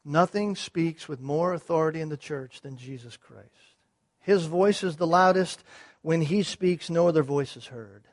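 Pastor, male, slightly high voice, dry close sound, builds from measured to booming. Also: dry recording. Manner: swings from quiet, measured teaching to loud, rising preaching; repeats phrases and asks rhetorical questions. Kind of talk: sermon.

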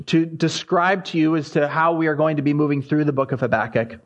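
Guy preaching a sermon, fairly high voice, gets fired up reading scripture. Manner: impassioned, rising when reading scripture aloud.

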